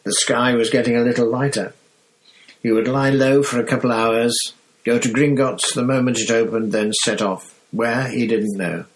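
A man reading a novel aloud in steady, measured narration. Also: medium pitch, low-quality recording. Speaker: audiobook reader. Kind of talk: scripted narration.

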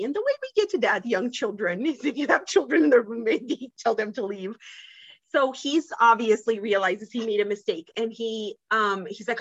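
A woman's voice: mid-range voice, moderate pace, a bit bright, no echo, lo-fi sound. A woman co-hosting a podcast, gushing with enthusiasm as she retells a story in casual chat and laughs along the way. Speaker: podcast co-host.

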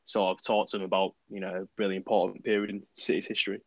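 Fast flat-voiced male podcast host. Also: sits low, no room sound. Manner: hurried, hedging with "like" and "and stuff". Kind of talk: casual podcast interview. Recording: dull lo-fi mic.

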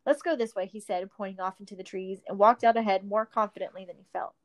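A woman's voice: mid-range voice, little pitch movement, quick pace. A woman narrating a storybook, reading steadily with the odd slip and restart.

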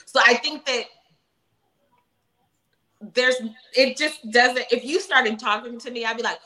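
A woman's voice: fairly high pitch, moderate pace, bright, forceful tone, poor audio. A woman guest actress in a casual interview, chatty and self-deprecating, full of fillers and quoted asides.

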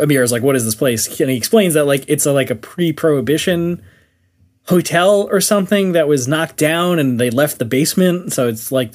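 A man's voice: mid-range voice, a little mellow. A man in casual conversation, talking enthusiastically about a film with many fillers.

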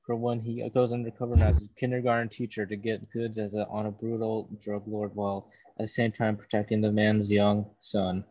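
A man's voice: on the low side, a little fast, few pauses. A man co-hosting a podcast over a video call, trading teasing jabs in casual chat. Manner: teasing, bickering, deadpan jabs. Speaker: podcast co-host.

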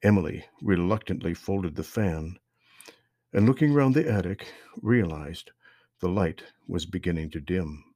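A man narrating a storybook with a very deep, husky voice. His delivery is measured and steady, and the recording is dry and close. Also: no echo.

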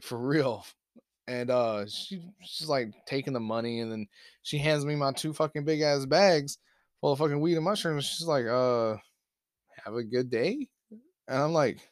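A young man from Alabama, hosting a podcast and telling a profanity-laced story in a loose, animated way. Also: mid-range voice, no echo, studio quality. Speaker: podcast host. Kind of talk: casual storytelling.

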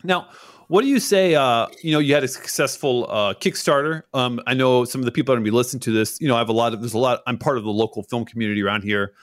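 A man's voice: medium pitch, fast. A man hosting an interview, asking questions in a laid-back, chatty way with lots of fillers. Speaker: podcast host. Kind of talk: casual interview chat.

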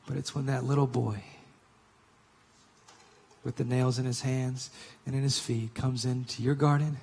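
A man preaching a sermon, telling and reading a story in an earnest manner that swings from emphatic to hushed. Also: medium pitch, level tone, measured pace, vocal fry, long pauses, slightly rough, big-room sound. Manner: earnest, builds to emphatic reading then drops to hushed whisper.

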